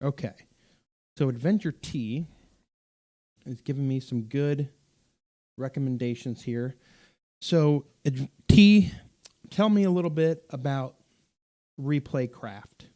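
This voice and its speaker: A man with a mellow, relaxed tone talks casually on a live stream, reading viewer comments as he goes. His speech wanders, full of fillers and restarts, and he often corrects himself mid-sentence. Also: medium pitch, takes it slowly, pauses often. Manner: rambling, self-correcting, many fillers and restarts. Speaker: pastor and streamer hosting a live Q&A.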